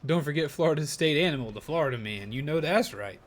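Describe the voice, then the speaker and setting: A man's voice: a little high, expressive, fast. A man streaming a game live, chatting casually and upbeat, often thanking viewers. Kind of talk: casual live gaming commentary.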